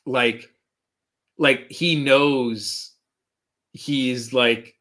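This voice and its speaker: A man co-hosting a casual chat show, excitable and quick to laugh. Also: mid-range voice. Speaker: co-host.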